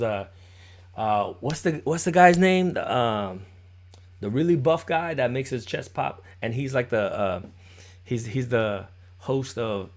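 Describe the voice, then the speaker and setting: Encouraging male dance instructor counting beats. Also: medium pitch. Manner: encouraging, chatty, answers chat viewers by name. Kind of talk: live-streamed dance class.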